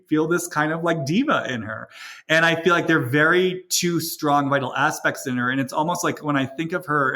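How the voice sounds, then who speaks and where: Male podcast host, slightly high voice, musing casual talker who thinks out loud. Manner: reflective, thinks aloud with many "like" and "you know". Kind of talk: casual chat.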